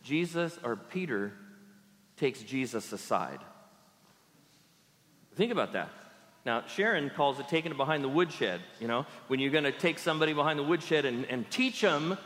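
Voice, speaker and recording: A pastor giving an animated sermon, often acting out the people he quotes. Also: mid-range voice, moderate pace, big-room sound. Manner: animated, acts out quoted voices in character.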